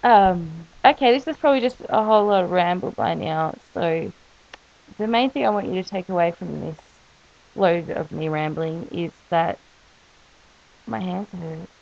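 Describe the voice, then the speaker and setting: A woman's voice: on the low side, measured pace, creaky, long pauses, dull audio. A woman vlogging casually about her life, rambling and making self-mocking jokes as she goes. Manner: chatty, self-mocking, jokey asides. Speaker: vlogger sharing her illness story. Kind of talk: casual rambling video diary.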